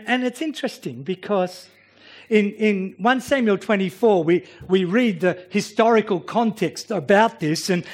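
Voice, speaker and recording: A man delivers a sermon in an unhurried, deliberate way. His voice sits high for a man, and he often repeats a word as he begins a phrase, which gives his preaching an earnest feel. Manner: earnest, repeats words when starting phrases.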